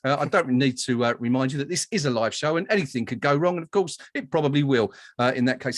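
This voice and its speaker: A man's voice: medium pitch, fast talker, few pauses, no room sound, clean studio sound. A man hosting a live online awards show, chatty and jokey, with lots of fillers and restarts. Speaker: host.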